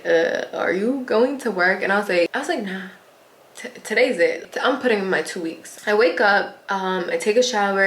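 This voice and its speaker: A young woman tells a storytime vlog in a chatty, emotional way and keeps speaking straight to her viewers. Her pitch sits in the middle range, and her animated delivery rises and falls with feeling. The recording carries a clear room echo. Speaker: influencer. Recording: echoey room.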